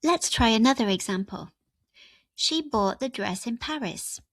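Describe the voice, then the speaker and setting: A woman gives a grammar lesson in a slow, careful voice, building each example sentence step by step. Her voice sits slightly high. The recording is dry and close, with no room echo. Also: expressive. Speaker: English grammar teacher.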